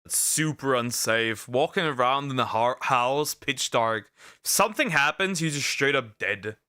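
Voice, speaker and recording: A man's voice: medium pitch, animated, moderate pace, pushed and bright, clear, resonant tone. A man streaming a reaction, making crude, mocking jokes as he comments on a video. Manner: crude, jokey, mocking asides.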